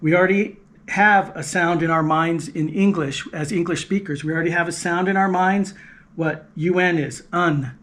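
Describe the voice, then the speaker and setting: A man's voice: on the high side, steady tone, normal speed, a bit bright. A man giving a patient, explanatory language lesson, repeating key points and demonstrating sounds aloud. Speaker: language teacher.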